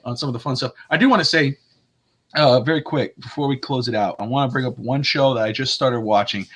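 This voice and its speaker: Animated, bright-voiced podcast co-host man. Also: medium pitch, brisk, slightly rough. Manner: animated storyteller, acts out quotes, swears casually. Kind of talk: casual sports podcast chat.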